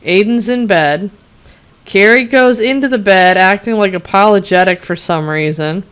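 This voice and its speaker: A woman's voice: medium pitch, moderate pace, a bit bright, clean tone. A woman reviewing a TV show in a casual, blunt and sarcastic rant, swearing freely and filling her talk with chatty asides. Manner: chatty, many "you know" and "like" asides. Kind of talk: casual rant recapping an episode.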